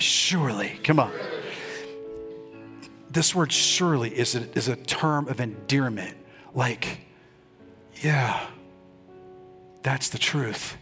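A male pastor preaching a lively sermon, calling out to his congregation and urging them to answer back. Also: mid-range voice. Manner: rousing, calls on the congregation to respond.

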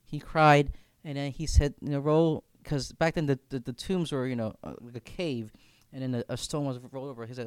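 A man's voice: medium pitch, steady tone, a little fast, hardly any pauses, clear, resonant tone, no echo. Earnest man guiding a faith talk. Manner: earnest, repeats words while thinking aloud. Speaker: campus minister. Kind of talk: reflective faith discussion.

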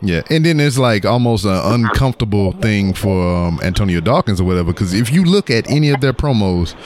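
A man's voice: lowish voice, lively intonation, a little fast, a crowd in the background. A man in casual podcast chat, talking in a loose, rambling way with plenty of swearing.

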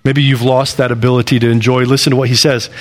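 A man in his thirties preaching a sermon in a conversational way, repeating phrases and swinging from loud bursts to low, quiet lines. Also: fast. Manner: animated, rising to loud bursts then dropping low and quiet. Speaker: pastor.

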